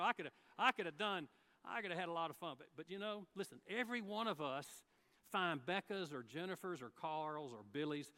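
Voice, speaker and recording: A man's voice: on the high side, a bit bright, long reverb tail. A man preaching a sermon, telling folksy stories and acting out the people he quotes. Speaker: guest preacher. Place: church sanctuary.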